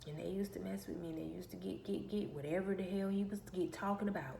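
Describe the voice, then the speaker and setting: A woman's voice: mid-range voice, fairly even intonation, fast, gravelly, few pauses, dark tone. A woman vlogger telling a personal story in an emphatic, aggrieved way, repeating her phrases, in an echoey room. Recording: echoey room with faint background noise.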